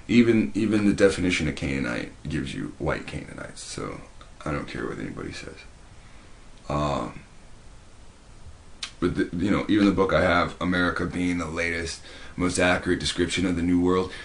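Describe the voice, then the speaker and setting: A man's voice: sits low, a bit bright. A man giving a preachy commentary monologue, emphatic and repetitive, often restarting his sentences. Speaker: video commentator.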